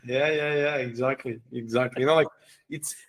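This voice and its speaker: A man hosting a podcast, speaking reflectively and haltingly, leaning on "you know, like.". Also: medium pitch, steady tone. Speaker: podcast host. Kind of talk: casual podcast conversation.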